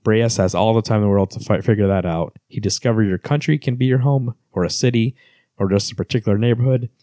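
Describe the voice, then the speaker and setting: A man's voice: on the low side, steady tone, quick pace, warm tone, no room sound, clean studio sound. A man co-hosting a casual book club podcast, retelling scenes and reading passages aloud with many fillers. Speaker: podcast co-host.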